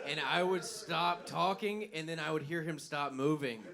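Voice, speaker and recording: A man's voice: a little high, moderate pace, creaky, a crowd in the background. A young man co-hosting a live comedy podcast, telling crude, rambling stories and laughing at his own jokes. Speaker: podcast co-host. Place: live venue stage.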